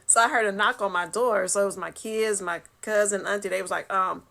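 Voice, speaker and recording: Woman telling a story, bright voice. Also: mid-range voice, normal speed, gravelly. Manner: animated, emotional, laughing through the story. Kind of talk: casual personal storytelling.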